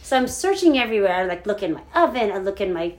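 A woman's voice: mid-range voice, big pitch swings, quick pace. A woman co-hosting a casual podcast, telling a story with lots of swearing and acting out her own panic. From lives in Hawaii. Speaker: podcast co-host. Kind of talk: casual chat.

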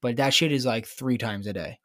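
A man's voice: medium pitch, brisk, bright, forceful tone, no echo, studio quality. A man co-hosting a podcast, bantering casually with lots of swearing. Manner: profane, laughing banter. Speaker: podcast co-host. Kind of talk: casual chat.

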